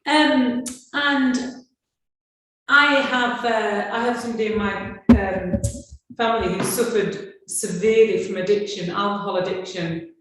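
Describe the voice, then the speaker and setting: A woman's voice: medium pitch, fairly even intonation, a little slow, slight background noise. A woman participant thanking a speaker, appreciative and slightly hesitant. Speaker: retreat participant. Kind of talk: casual chat. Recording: very echoey room.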